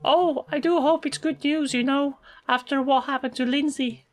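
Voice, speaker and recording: A woman's voice: high-pitched, fairly even intonation, normal speed, voice pushed up, lightly acted. A woman voicing game dialogue for a condescending older female coworker who calls everyone sweetie. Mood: sweetly cheerful. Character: sugary, sharp-tongued older woman coworker.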